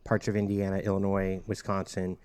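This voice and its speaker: A man's voice: sits low, completely flat delivery, brisk, darkish tone, clean tone. A man co-hosting a casual food podcast, chatty and explanatory, often running through lists of places. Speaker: podcast co-host.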